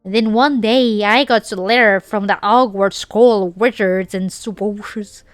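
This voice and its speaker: A woman's voice: medium pitch, steady tone, measured pace, no room sound, clean studio sound, soft background music, close to an everyday voice. A woman putting on a ditzy Southern girl, drawling and boastful. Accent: put-on American Southern. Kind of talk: reading a fanfic in a put-on voice.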